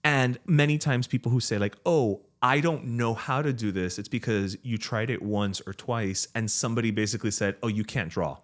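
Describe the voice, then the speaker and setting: A man co-hosting a podcast chat, his voice sitting at an ordinary middle pitch. He thinks aloud and reflects, building his points through long, winding explanations. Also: normal speed, few pauses. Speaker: podcast co-host. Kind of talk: casual chat.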